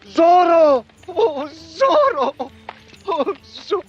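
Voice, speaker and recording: A man's voice: extremely high pitch, very slow, muffled recording, faint music behind, full character voice. An actor playing a humble, eager-to-please old man in an old film clip. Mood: thrilled. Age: older. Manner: deferential, then wildly excited.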